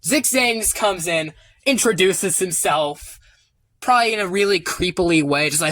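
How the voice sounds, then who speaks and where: A man rambling excitedly about his own story ideas, swearing often and getting loud when worked up. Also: high-pitched, moderate pace, no room sound. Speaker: creator rambling about his original characters. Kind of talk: excited casual monologue.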